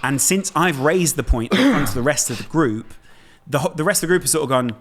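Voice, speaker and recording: Geordie man, blunt anecdote-teller, very expressive pitch, casual podcast chat. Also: fast talker. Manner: animated anecdote-telling, blunt, swears freely. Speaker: podcast host.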